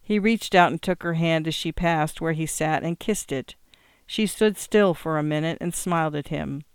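A reader giving measured, scripted narration of a novel. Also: mid-range voice, clean tone, dry recording, clean studio sound. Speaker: audiobook reader.

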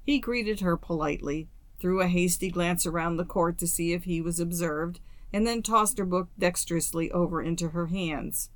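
A woman reading a classic story aloud as an audiobook narrator, in a steady, measured way. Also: on the low side, dry recording. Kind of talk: scripted narration.

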